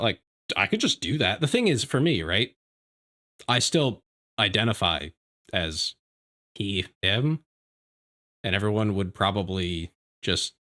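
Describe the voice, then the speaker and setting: A man streaming from home, chatting casually with his viewers in a rambling, animated way, often restarting his sentences. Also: fairly low pitch. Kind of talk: casual livestream chat. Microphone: desk microphone.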